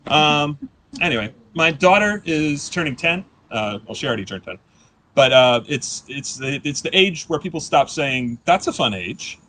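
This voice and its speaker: A man in his thirties doing a live stand-up set, rambling and self-deprecating with deadpan asides. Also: a little high, moderate pace. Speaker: stand-up comedian. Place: comedy stage before a live audience.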